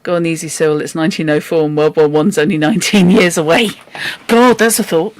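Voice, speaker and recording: Book club host, chatty and exasperated, mid pitch, dry close sound. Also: fairly even intonation, brisk, no echo. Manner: exasperated, chatty, swears in asides. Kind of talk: casual chat and reading aloud.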